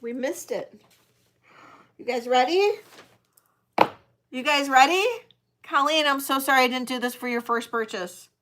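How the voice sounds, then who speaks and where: A woman's voice: sits high, measured pace, pauses often, a bit bright, a little hiss or hum. A woman hosting a live-stream vintage jewelry sale, chatting directly with her viewers. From Detroit area, United States. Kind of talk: live-stream auction chat.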